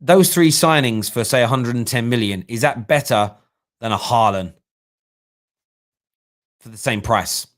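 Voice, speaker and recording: A man's voice: mid-range voice, unhurried, pauses often. A man hosting a live-streamed football fan talk show, giving opinionated analysis and thinking aloud with restarts.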